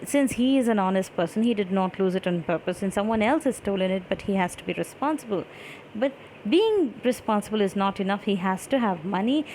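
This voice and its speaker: A woman's voice: medium pitch, a little mellow, slight background noise, poor audio. A woman summarizing a story aloud in a casual teaching style, acting out quoted dialogue, with frequent fillers and restarts. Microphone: phone screen recording.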